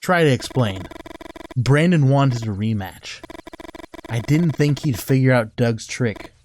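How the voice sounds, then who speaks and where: A man's voice: mid-range voice, animated, slow pace, a little mellow, a little hiss or hum, low-quality recording. A man playing a story game, reading its text aloud and breaking in with profane, mocking commentary. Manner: profane, swears often and mocks the characters. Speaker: let's play gamer.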